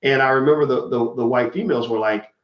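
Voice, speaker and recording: A man's voice: mid-range voice, fast talker, roomy sound, highs cut off. A man giving a blunt, profane, heated monologue on a livestream. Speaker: commentator.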